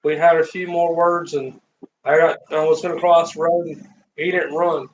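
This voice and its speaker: A man's voice: a little high, little pitch movement, normal speed, slight background noise, poor audio. Rambling man telling a story. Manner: rambling, repeats himself, acts out quoted lines. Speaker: live streamer. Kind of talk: casual storytelling. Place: in a car.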